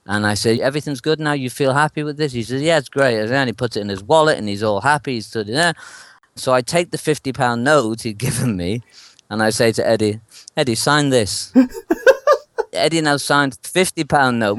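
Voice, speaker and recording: A man who works as a street performer tells an animated anecdote in an interview, acting out the voices of the people in it and laughing often. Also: medium pitch, dry recording, studio quality.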